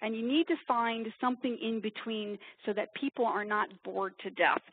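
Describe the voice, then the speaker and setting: A woman from upstate New York presenting a webinar, talking quickly in a chatty, self-deprecating way. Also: fairly high pitch, fairly even intonation, breathy edge, no room sound. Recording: tinny phone-like webinar audio.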